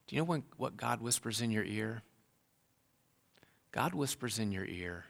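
A man's voice: on the low side, moderate pace, vocal fry, pauses often. A man preaching a sermon, earnest and heartfelt, building into raised, emphatic passages. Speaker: pastor.

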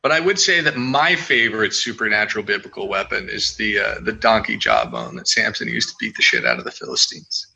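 Male podcast guest, bright edgy tone, lively and foul-mouthed. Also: fairly low pitch, fairly quick, vocal fry, hardly any pauses, low-quality recording. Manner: animated, profane storytelling. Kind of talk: casual conversation.

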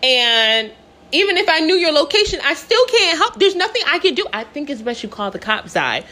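A woman's voice: high-pitched, sing-song, normal speed, sharp tone, pitched above the performer's own voice, heavily acted. A woman putting on the voice of her worried sister, lecturing and exasperated. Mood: resigned. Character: scolding, worried adult sister.

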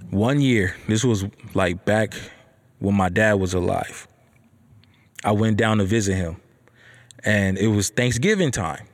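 A young man with a fairly low voice casually tells a personal story, animated and profane, repeatedly saying "you know what I'm saying."

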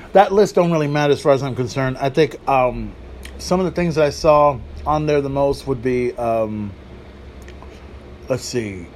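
A man hosting a solo podcast, talking excitedly and casually, swearing freely and drifting into asides. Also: medium pitch, a little hiss or hum. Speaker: podcast host. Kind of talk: solo wrestling podcast talk.

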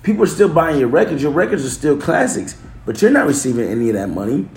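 A man's voice: a little high, big pitch swings, fast, darkish tone, a little hiss or hum. A man talking casually to camera, loose and slangy, swearing, restarting and correcting himself as he goes. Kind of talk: casual chat. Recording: echoey room.

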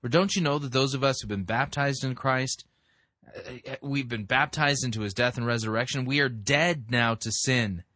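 A man commenting critically on a sermon, explaining scripture in a measured way. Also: mid-range voice, pushed and bright, no echo, clean studio sound. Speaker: sermon reviewer.

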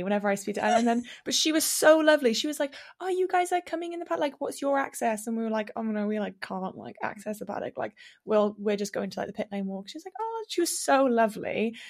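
A young woman, co-hosting a podcast in casual chat, telling a story with lots of fillers and acted-out quotes. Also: on the high side. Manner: animated storytelling, acting out quotes, many fillers. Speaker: podcast co-host.

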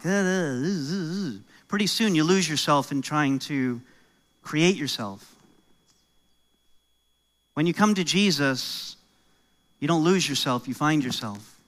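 A man's voice: on the high side, a little slow, pauses often, fairly bright tone. A middle-aged man from New York with an American accent, preaching a sermon as pastor in a conversational, joking way with rising emphasis.

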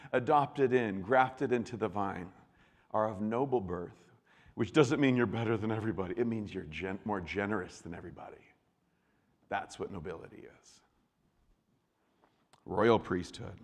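Pastor preaching in a reverberant hall. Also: male voice, lowish voice, lively intonation, normal speed. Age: adult. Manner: conversational, repeats words and restarts, breaks into acted quotes. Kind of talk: sermon. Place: church.

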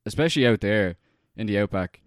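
A man's voice: lowish voice, animated, fairly quick, no echo, clean studio sound. A young man chatting casually, rambling and swearing with lots of fillers as he recounts a film. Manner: rambling, profane, heavy on fillers. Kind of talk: casual chat.

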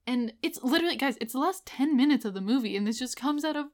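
A young woman with a slightly higher voice co-hosting a movie recap podcast. She laughs easily and makes playful, sarcastic jabs as the chat goes on. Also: animated, fast talker. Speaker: podcast co-host.

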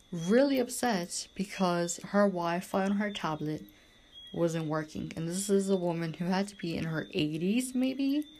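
Woman, podcast host, talks in a loose, emphatic monologue full of "like" and "literally", slightly low voice. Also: a little mellow, slight background noise. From Bermuda. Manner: rambling and emphatic, heavy use of "like" and "literally". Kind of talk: casual monologue.

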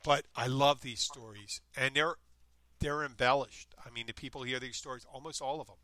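A man's voice: medium pitch, normal speed. A man in casual chat, telling stories in a meandering way and often interrupting himself. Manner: meandering, self-interrupting, animated retelling. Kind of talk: casual chat, rambling storytelling.

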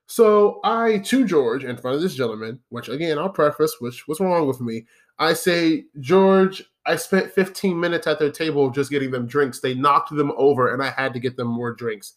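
A man's voice: a little high, normal speed. Profane, ranting young man telling stories. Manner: profane, animated storytelling that rants at the listener. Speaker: podcast host. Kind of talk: casual storytelling monologue.

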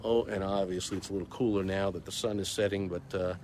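A man's voice: low voice, fairly even intonation, fast talker, darkish tone, a little hiss or hum. A man hosting a casual business video, talking outdoors in a light breeze, emphatic and sarcastic, repeating words for stress. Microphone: phone or camera recording himself.

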